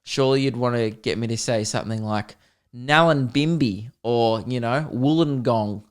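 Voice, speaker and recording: Australian man, podcast host, rambling jokey monologue, smooth clear voice. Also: mid-range voice, moderate pace. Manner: rambling, self-deprecating, jokey tangents. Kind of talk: casual solo podcast monologue.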